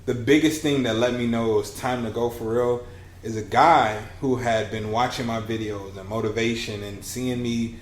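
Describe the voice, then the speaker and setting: A man in his thirties, a podcast guest and business coach, telling his story in a lively conversational way and acting out the dialogue he quotes. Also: mid-range voice. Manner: animated, acts out quoted dialogue. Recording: roomy with faint hiss.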